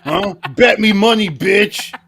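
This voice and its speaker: A man's voice: sits high, sing-song, slow pace, gravelly, fairly bright tone. A man co-hosting a podcast, chiming in with crude, joking banter in casual chat. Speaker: podcast co-host.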